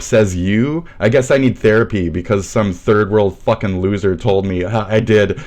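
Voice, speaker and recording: This young streamer from the American Midwest has a lowish, darkish voice and talks at a moderate clip with few pauses. His livestream is a profane, sarcastic rant in which he constantly swears and abrasively mocks the people commenting.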